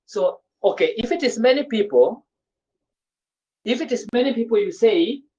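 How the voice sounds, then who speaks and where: A woman's voice: on the high side, expressive, warm tone. A woman teaching a class, repeating herself and checking often that students follow. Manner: slow, repetitive, checks understanding often. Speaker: French teacher. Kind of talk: classroom language lesson. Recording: dull lo-fi recording.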